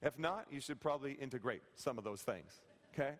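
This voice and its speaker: A man in his thirties preaching a sermon in a church, talking conversationally and checking in with the congregation with quick "okay?" and "right?" asides. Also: mid-range voice, lively intonation. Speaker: pastor. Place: church sanctuary. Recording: long hall reverb.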